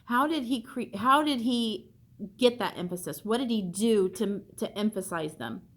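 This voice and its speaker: A woman's voice: a little high, moderate pace. A woman art teacher leading a classroom discussion, asking questions and repeating students' answers back to them.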